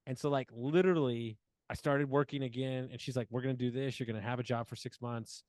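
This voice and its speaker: A man's voice: medium pitch, quick pace, no echo. Storytelling man, dry close sound. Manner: animated storyteller acting out quoted dialogue, many fillers. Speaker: podcast guest. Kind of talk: casual storytelling interview.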